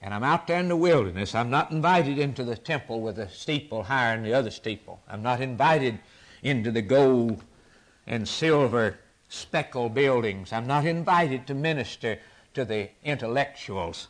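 Male preacher, very animated pitch, rhythmic revival-style sermon. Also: moderate pace. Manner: impassioned, rising to near-shouts and dropping to whispers; repetitive, rhythmic preaching cadence.

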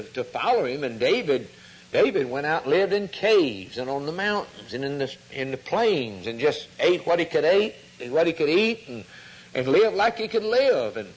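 A storytelling preacher delivers a sermon, acting out the voices of the people he quotes and rising in pitch when stirred. His voice has a breathy edge, and the recording is rough.

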